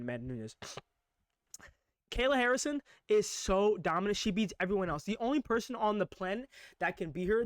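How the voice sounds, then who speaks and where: A hyped man breaks down upcoming fights in a rapid-fire, excitable stream of talk. His voice sits high for a man and the words tumble out quickly. The sound is close and dry, with no room echo. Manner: excitable, rapid-fire hype with repeated emphatic phrases. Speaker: MMA reaction vlogger. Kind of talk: live unscripted fight breakdown. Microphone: own microphone.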